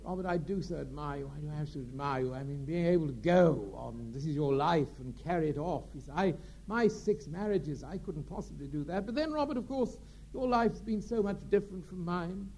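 A man's voice: a little high, brisk, a little mellow, slight background noise, close to an everyday voice. A man voicing a suave actor who gushes confidingly with a barbed edge. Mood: gushing. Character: suave middle-aged male actor, gushing and barbed.

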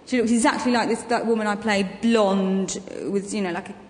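A woman's voice: mid-range voice, fairly even intonation, brisk. Chatty woman in an echoey hall. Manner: chatty anecdotal storytelling with frequent ums and laughs. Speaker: guest actress and comedian. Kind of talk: on-stage festival interview. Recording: echoey hall with long reverb, faint ambience.

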